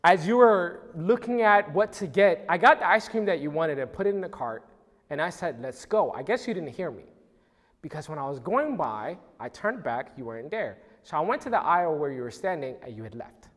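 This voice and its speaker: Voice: medium pitch, big pitch swings, a little fast, pitched below the performer's own voice. A speaker voicing a mother patiently explaining to her son that she never left, in a hall with long reverb. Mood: reassuring.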